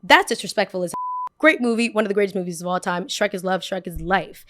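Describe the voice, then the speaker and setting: Woman in her twenties, podcast host, animated storyteller who acts out quotes, mid-pitched. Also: brisk. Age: 20s.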